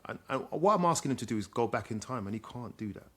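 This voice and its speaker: A man's voice: mid-range voice, expressive, fast. A middle-aged man, a guest, candidly telling a personal story in a reflective way. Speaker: guest, social worker.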